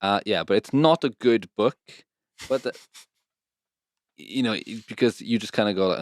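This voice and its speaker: Laid-back swearing podcast host. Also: male voice, lowish voice, normal speed, long pauses, dry recording, studio quality. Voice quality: swears freely, laughs often. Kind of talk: casual chat.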